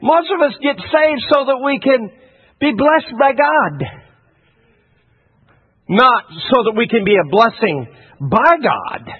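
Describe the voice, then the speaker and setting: A man's voice: extremely high pitch, animated, slow pace, long pauses, breathy edge, phone-quality sound. A man preaching a sermon in an emphatic, folksy style, telling the story with lots of energy.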